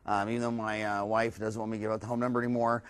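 A middle-aged man giving a course lecture to dentists, animated and quick to act out staff and patients. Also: on the low side, clean tone, no echo. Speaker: dental practice lecturer.

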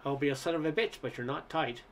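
A man reading as a gruff middle-aged bartender, calm and steady. He talks in a plain, blunt way, with a voice pitched a little high. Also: fast talker, a little hiss or hum, natural voice.

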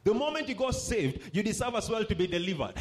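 A male preacher delivering a sermon in a fairly high voice that rises and falls widely. He drives his points home through repetition and draws the congregation in to respond. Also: big pitch swings, quick pace. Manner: emphatic, repeats phrases for stress and calls on the congregation.

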